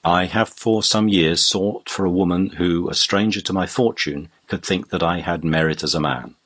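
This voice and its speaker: A man with a low, husky voice reading the part of a generous, courtly baronet with a hearty, teasing manner. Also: moderate pace, a bit bright. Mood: ardent. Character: genial, generous older baronet.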